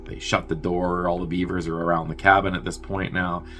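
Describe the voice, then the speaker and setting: A man hosting a movie review show, casually recapping a film's plot in a loose, sweary way, with quick asides where he acts out the characters' lines. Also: deep voice, level tone, pushed and bright, soft background music. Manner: loose and chatty, full of "like" and swearing.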